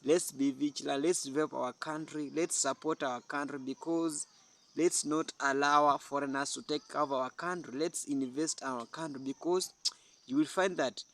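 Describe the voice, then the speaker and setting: A man's voice: a little high, fairly even intonation, moderate pace, fairly bright tone. A man giving spoken opinion commentary in an earnest, repetitive way, often restarting his sentences.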